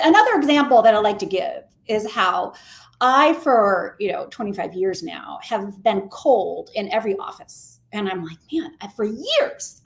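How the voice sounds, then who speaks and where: A middle-aged woman co-hosting a casual mentoring discussion, speaking emphatically and persuasively and acting out quoted thoughts. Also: a little high. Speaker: mentor and co-host.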